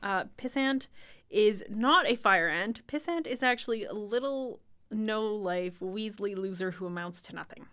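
A woman's voice: mid-range voice, expressive, unhurried, a bit bright, clean tone. A young woman co-hosting a casual podcast, laughing often and reading definitions aloud with a wry tone. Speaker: podcast co-host.

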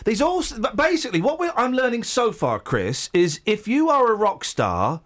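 A man's voice: extremely high pitch, big pitch swings, moderate pace, fairly bright tone. A man in his forties hosting a radio show, rambling and joking with restarts in casual banter. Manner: rambling, jokey, stumbles and restarts. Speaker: radio host.

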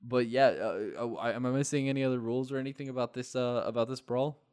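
A man's voice: medium pitch, fairly even intonation, quick pace, a little mellow, clean tone, no echo, studio quality. A man co-hosting a casual gaming chat, rambling with fillers and restarts and laughing often. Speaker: podcast co-host.

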